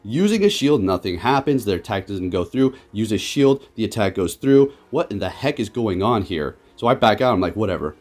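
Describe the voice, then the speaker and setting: A man hosting his gaming channel, giving excitable live commentary on his matches that swings quickly between frustration and laughter. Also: on the low side, soft background music.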